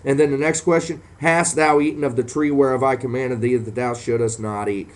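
A man's voice: mid-range voice, fairly even intonation, brisk. A man preaching a sermon, punctuating nearly every phrase with "amen" and swelling into fervent emphasis as he addresses Christians and sinners.

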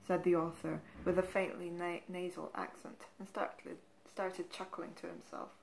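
A woman reading from a novel aloud in a measured, even narrating voice. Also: fairly low pitch, gravelly, slight background noise. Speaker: reader.

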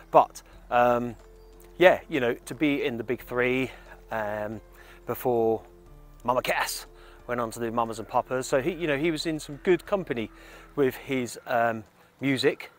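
A man hosting a casual vlog outdoors in a cemetery, talking in a chatty, rambling, self-deprecating way. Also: medium pitch. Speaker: vlog host. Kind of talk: casual walking-tour vlog. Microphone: small clip-on microphone. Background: faint outdoor ambience with crows.

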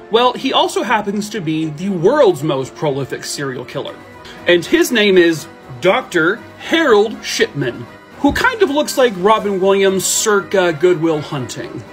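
Guy telling true crime stories, bit higher voice, joking asides, quiet guitar in the back. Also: lively intonation, normal speed. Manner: wry, jokey asides to the subject. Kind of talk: casual true crime narration.

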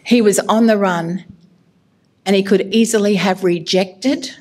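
A woman's voice: mid-range voice, steady tone, a little slow, darkish tone. A middle-aged woman giving a sermon as a minister, candid and self-mocking, laughing at herself as she talks.

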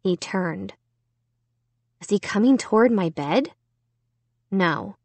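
A woman's voice: mid-range voice, lively intonation, slow, darkish tone, no echo. A woman narrating a children's horror book in the first person, reading steadily and with suspense. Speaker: audiobook narrator.

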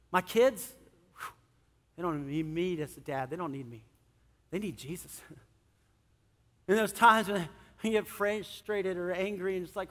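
A middle-aged male pastor preaching a sermon, animated, swinging between loud emphasis and soft, earnest moments. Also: high-pitched, a little slow, long pauses. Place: church sanctuary. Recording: long church hall reverb.

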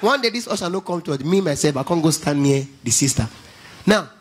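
A man with a Nigerian accent doing a lively stand-up routine at a church event, telling stories in pidgin and breaking into gospel song. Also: on the high side, fairly quick, a little hiss or hum. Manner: animated storytelling, mixing pidgin, bursting into gospel song. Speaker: stand-up comedian.

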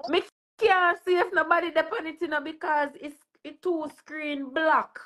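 Joking Jamaican woman with a high voice. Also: level tone, normal speed, a bit bright. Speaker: live-stream host. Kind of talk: casual live-stream chat.

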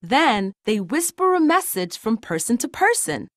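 A woman reading a children's storybook aloud in a gentle, lilting read-aloud manner. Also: on the high side, sing-song, measured pace, no room sound, clean studio sound. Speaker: storybook narrator.

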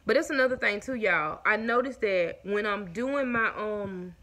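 A woman's voice: medium pitch, normal speed, sharp tone, poor audio. A woman, chatting casually to her viewers at home, a bit short of breath. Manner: chatty, addresses viewers as y'all. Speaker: vlogger. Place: at home indoors.

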